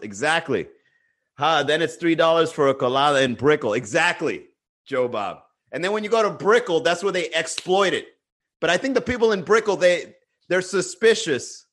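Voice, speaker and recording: A man's voice: on the high side, a bit bright. A man chatting casually on a livestream, reading the chat and joking with a lot of profanity. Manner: profane, joking, laughs often.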